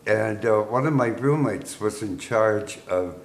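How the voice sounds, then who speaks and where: Speaking at a measured pace in a lowish voice, an American veteran in his eighties looks back on wartime as a guest, taking his time and chuckling. The recording comes from an echoey room with a faint layer of noise.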